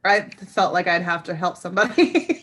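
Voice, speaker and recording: A woman playing in a tabletop game over a video call, chatty and quick to laugh. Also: fairly low pitch, lively intonation, fairly bright tone. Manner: chatty and giggly. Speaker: player. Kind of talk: casual actual-play game chat.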